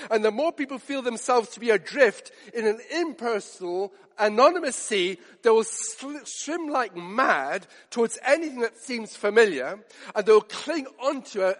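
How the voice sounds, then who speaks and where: A man preaching a sermon, earnest and building to emphatic rhetorical questions. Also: high voice. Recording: long hall reverb.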